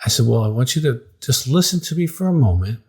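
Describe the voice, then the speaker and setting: A man's voice: medium pitch, fast, husky. Emphatic man giving counseling advice. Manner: emphatic, animated storytelling with acted dialogue. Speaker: psychologist and counseling director. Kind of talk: direct-to-camera advice talk.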